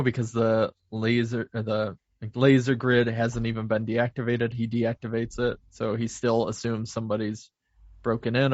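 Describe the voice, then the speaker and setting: A man co-hosting a podcast who recaps a film plot at a steady pace, with fillers. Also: mid-range voice, no echo. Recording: dry, dull lo-fi remote audio.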